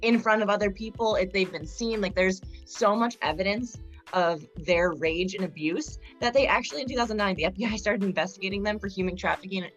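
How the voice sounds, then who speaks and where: A woman's voice: medium pitch, brisk, muffled recording, soft background music. A young woman co-hosting a podcast in casual, rambling chat, full of fillers and crude jokes. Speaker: podcast co-host.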